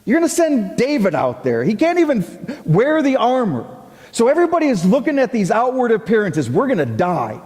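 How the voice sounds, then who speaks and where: A man delivers a sermon from the pulpit, lively and dramatic as he acts out the doubts and replies of the people he quotes. His voice sits high for a man. The sound carries a long reverb, as in a church hall. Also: fairly quick. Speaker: pastor.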